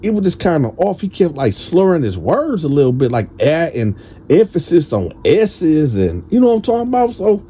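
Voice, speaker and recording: A man from tells a prison storytime in a casual, animated way. He acts out his friends' voices in a higher pitch. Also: moderate pace, slightly rough.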